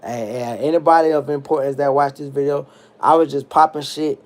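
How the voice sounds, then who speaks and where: A man's voice: on the high side, brisk. A drunk American man ranting on a livestream, heated and swearing a lot. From United States. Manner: loud, heated, swearing, animated. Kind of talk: profane livestream rant.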